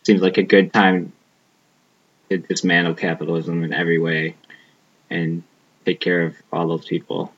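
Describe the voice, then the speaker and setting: A man's voice: deep voice, flat delivery, moderate pace, pauses often, fairly bright tone, breathy edge, highs cut off. A young man chatting casually as a podcast co-host, rambling and profane, trailing off with a lot of "like". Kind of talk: casual chat.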